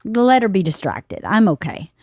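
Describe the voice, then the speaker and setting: A woman in her fifties hosts a podcast from a home studio room, her mid-range, slightly breathy voice captured dry and at studio quality. Chatting casually at normal speed, she tells a story as an animated storyteller, laughing often and acting out quotes.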